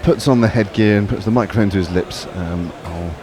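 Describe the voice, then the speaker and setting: A man's voice: fairly low pitch, a little fast, a crowd in the background. A man co-commentating on cricket radio. He chats informally and drops in asides. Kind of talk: casual cricket radio chat.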